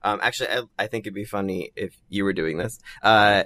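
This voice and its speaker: A man's voice: on the low side, a little fast, bright, forceful tone, no echo. A man hosting a podcast improv game, easygoing and often stumbling or chuckling. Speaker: podcast host running a game. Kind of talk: casual podcast chat.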